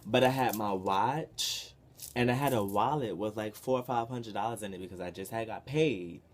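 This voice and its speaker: A young man telling a story from his past in a casual, animated, profane way, with sudden loud bursts. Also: lowish voice, moderate pace. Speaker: vlogger.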